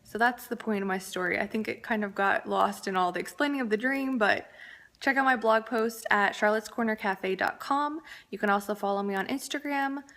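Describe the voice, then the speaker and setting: A woman's voice: medium pitch, a little fast, a bit bright. A woman vlogger, around her thirties, casually telling a rambling story to camera, with fillers and asides.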